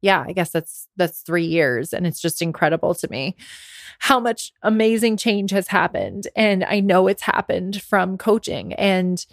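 A woman of about forty, a business coach who hosts a podcast, recounts a candid personal story, noting she's worn out and sick. Her lowish voice moves a little slowly, turning emotional with frequent restarts, captured in clean studio sound without echo.

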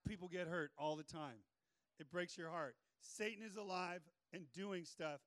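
A male pastor preaching a sermon in an energetic, joking way with playful asides. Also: sits high, moderate pace, no echo.

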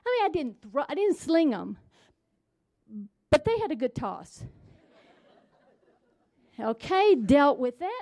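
Slow, soft-toned woman telling a story. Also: on the high side, expressive. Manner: storytelling, drops to hushed tones and builds to emphatic points. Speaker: speaker. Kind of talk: devotional talk with personal story.

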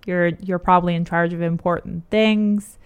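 A woman's voice: lowish voice, fairly even intonation, moderate pace, clean tone, phone-quality sound, natural voice. A woman voicing a boastful young male recruit who speaks with a drunken slur. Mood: smug. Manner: slurred, swaying.

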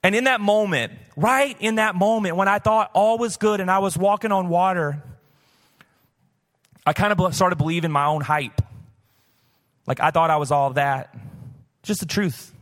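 A man's voice: high-pitched, normal speed, long pauses, fairly bright tone. A man pastor preaching a sermon at a live church service, talking candidly and conversationally with casual asides. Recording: long church hall reverb.

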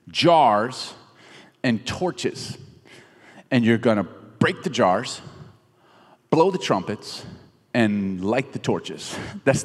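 Casual preacher in a reverberant hall. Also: male voice, medium pitch. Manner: conversational and animated, jokes with the audience. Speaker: pastor. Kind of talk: casual sermon storytelling.

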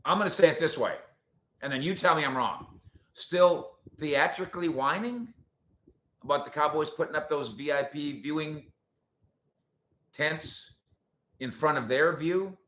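A man's voice: on the high side, unhurried, long pauses, reverberant. A man hosting a casual sports talk show, ranting with strong opinions. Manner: opinionated, animated rants.

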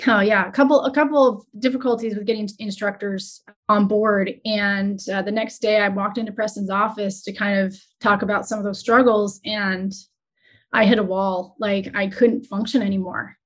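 A woman entrepreneur talking openly as a guest, retelling a stressful stretch in an earnest, emotional, halting way. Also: medium pitch, fairly even intonation. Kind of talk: candid conversational storytelling.

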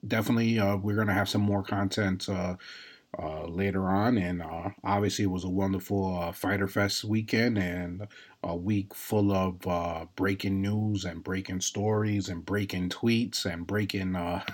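Casting: man, lowish voice, casual podcast host, chatty, fills pauses with uhs. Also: fairly even intonation. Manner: laughs often, many filler words. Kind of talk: casual wrestling podcast chat.

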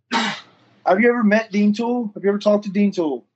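A man with a drawl who talks in a fairly high voice and tells a loose, rambling story full of cursing. He acts out the back-and-forth of a conversation. The audio is dull and lo-fi, like a remote call. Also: moderate pace, slight background noise. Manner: rambling storyteller, swears freely, acts out quotes. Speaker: fighter and firefighter. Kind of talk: casual interview chat.

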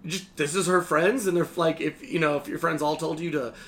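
A young man co-hosting a podcast, ranting casually about a video game in a sarcastic, animated way, swearing freely and acting out lines. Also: a little high, brisk. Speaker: podcast co-host. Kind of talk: casual game critique chat.

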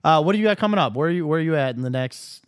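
A man hosting a podcast in casual chat, relaxed and reacting freely to his guest. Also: on the high side, racing, smooth. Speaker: podcast host.

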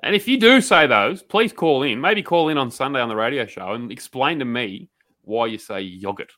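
A man's voice: mid-range voice, lively intonation, moderate pace, sharp tone. An Australian man co-hosting a podcast, delivering a blunt, sweary, mock-outraged rant. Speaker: podcast co-host. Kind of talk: ranting comedy segment.

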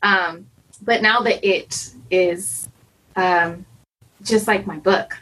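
Anxious, rambling woman with a husky voice. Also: fairly low pitch, steady tone, slow pace, a bit bright, poor audio. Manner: anxious, rambling, restarts often and quotes her own worries. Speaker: karate student preparing for black belt. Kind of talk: candid conversational interview.

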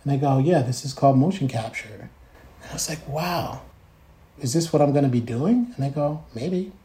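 Animated man telling a story. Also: fast. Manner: animated, acts out quotes with big pitch jumps. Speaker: guest. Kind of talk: casual storytelling.

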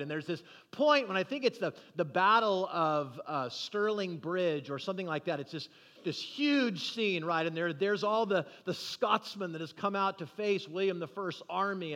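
Pastor, male, high-pitched voice, casual preaching that builds to emphatic peaks, big hall reverb. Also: a bit bright. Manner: conversational, with frequent restarts and rising emphasis. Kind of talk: sermon.

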